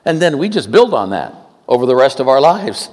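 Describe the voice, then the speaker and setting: A man in his seventies delivers a sermon, his voice rising and falling in lively swings as he tells funny stories. His pitch sits in a middle range, and he breaks into quick, joking asides. His voice carries through the long reverb of a large hall. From Oakland, California, US. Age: 70s. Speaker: preacher.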